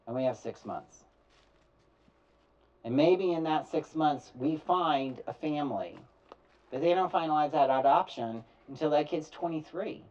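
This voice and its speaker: A man telling stories to an audience, acting out both sides of phone calls in an animated way. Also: a little high. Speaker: speaker telling his story. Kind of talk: storytelling talk to an audience. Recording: distant, dull lo-fi recording.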